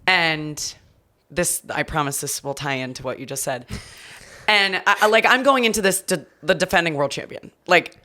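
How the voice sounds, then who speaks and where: A woman in her thirties, a podcast guest, telling stories in a candid, animated way with many likes and restarts. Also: sits low, normal speed. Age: 30s. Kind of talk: casual conversational storytelling.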